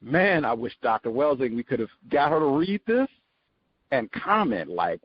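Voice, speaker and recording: A man hosting a book study show, giving sarcastic, animated commentary as he reads. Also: a little high, normal speed, slightly rough, muffled recording. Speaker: host.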